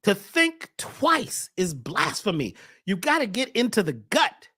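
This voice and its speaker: A man hosting a spiritual talk show, preaching with fire, shouting at times and then dropping to a hush. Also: high-pitched, wildly swooping pitch, unhurried, breathy edge. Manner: preachy, swings from shouting to hushed. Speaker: host.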